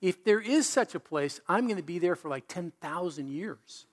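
A man preaching a sermon in an animated, conversational way, full of rhetorical questions. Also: sits high, normal speed. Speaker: pastor.

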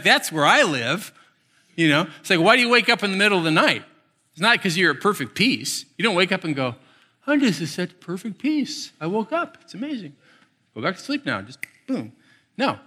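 A middle-aged man preaching with a bright, ringing voice pitched a little high. He swings from quiet, slow lines to quick, excited bursts as he tells playful stories to his listeners. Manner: animated storytelling with playful asides. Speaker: pastor. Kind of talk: sermon.

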